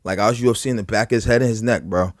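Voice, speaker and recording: A man on a podcast retells a rough night at length, full of "like" and restarts and a lot of swearing. His voice sits on the low side, and the sound is close and dry, with no room around it. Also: rapid-fire, no room sound. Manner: heavy filler words, profane, animated retelling. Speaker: podcast co-host. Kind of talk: casual storytelling.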